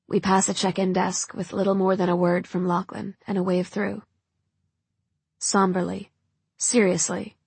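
A woman narrating a first-person audiobook in a measured, somber manner. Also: on the low side, creaky, a little mellow, slightly rough, no room sound.

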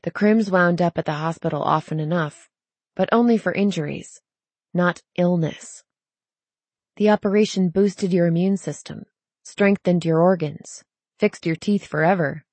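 A woman narrating a story in a measured, even reading voice. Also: fairly low pitch, dry recording. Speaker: audiobook narrator. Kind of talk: scripted narration.

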